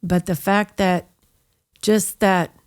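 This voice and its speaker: A woman's voice: medium pitch, level tone, slow, clean tone. A middle-aged woman telling her personal faith testimony in a conversational interview, with frequent "you know" asides. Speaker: guest sharing her testimony.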